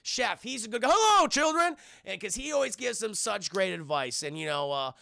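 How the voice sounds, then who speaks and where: A man in his thirties doing a live spoiler film review, talking to his viewers in an animated, profane way. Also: high-pitched, brisk, vocal fry, dry recording, clean studio sound. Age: 30s. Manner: animated, profane, laughs while retelling.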